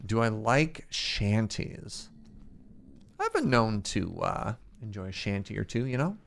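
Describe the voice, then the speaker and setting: A man's voice: on the low side, huge pitch swings, unhurried, vocal fry, a bit bright, slight background noise. A man streaming a survival game, casually joking with viewers and thinking aloud as he builds. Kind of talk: casual gameplay commentary, chatting with viewers.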